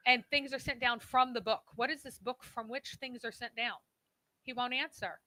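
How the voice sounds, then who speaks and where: Bright-voiced articulate woman guest. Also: on the high side, moderate pace, dry recording, poor audio. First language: English. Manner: articulate, explanatory, wry. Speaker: guest co-host. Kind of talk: live-stream discussion.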